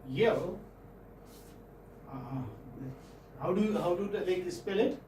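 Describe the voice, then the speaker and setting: A male English professor with an Indian English accent teaches phonetics in a classroom. His voice is high and a little mellow with lively intonation. He pauses often, repeats words, and checks with students using "hmm?" and "okay?" The recording comes from far off in an echoey room with faint noise.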